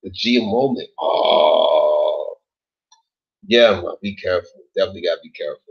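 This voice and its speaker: A man talks loosely through a late-night livestream, rambling, cursing freely, leaning on "like" and "yo." His voice sits a little low with a husky edge. The audio comes through dull and lo-fi. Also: normal speed. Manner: laid-back, rambling, swears a lot, says like and yo often. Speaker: livestream host reading chat.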